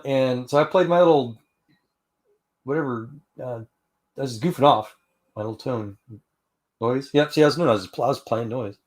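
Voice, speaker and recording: A middle-aged man from Houston, hosting a casual fellowship chat. His voice sits at a middle pitch, and he rambles through stories with restarts, fillers and easy laughs. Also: a little mellow. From Houston, Texas, US. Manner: rambling, with many restarts and "you know"; laughs while telling stories. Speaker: host of an online fellowship chat.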